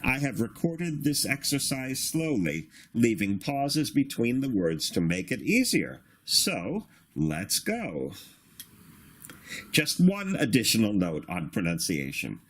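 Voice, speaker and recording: A man teaching a beginner reading lesson in a patient, instructive way, sounding out syllables slowly. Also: medium pitch, big pitch swings. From Australia. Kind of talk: slow recorded reading lesson.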